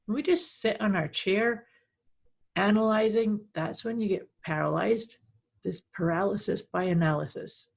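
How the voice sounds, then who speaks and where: Brief: husky North American woman, co-host, affirming coach tone. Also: medium pitch, normal speed. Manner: affirming, coach-like, builds on the other host's points. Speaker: podcast co-host. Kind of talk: casual chat.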